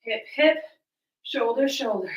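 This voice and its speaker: A woman's voice: on the high side, lively intonation, measured pace, echoey room, distant mic, dull audio. A woman fitness coach, out of breath, counting reps and cueing moves while she exercises along in a small room at home. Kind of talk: coaching a live home workout.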